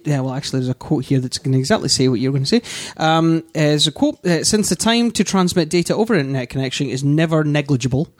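A Yorkshire man talks through gaming news on a casual podcast, his voice sitting a little high. He pads his reading with ums and uhs and breaks into laughter now and then. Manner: laughs often, reads news quotes with fillers. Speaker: podcast host.

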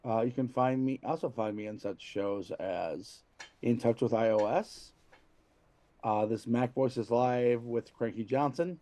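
A man's voice: mid-range voice, unhurried, mellow. A man who appears regularly on tech podcasts, talking in a dry, jokey way. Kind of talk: casual podcast chat.

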